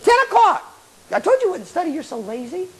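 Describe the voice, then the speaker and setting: A man's voice: very high-pitched, very animated, fast talker, voice pushed up. A man voicing a sly, scolding inner voice that nags and coaxes a student, caught on a noisy live tape with an audience. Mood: nagging. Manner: scolding, coaxing.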